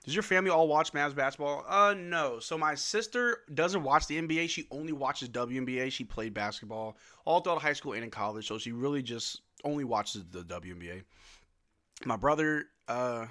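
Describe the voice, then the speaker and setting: A young man from Louisiana hosting a casual livestream, chatting and answering viewers' questions with quick laughs. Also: medium pitch, lively intonation, bright, forceful tone. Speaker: livestream host.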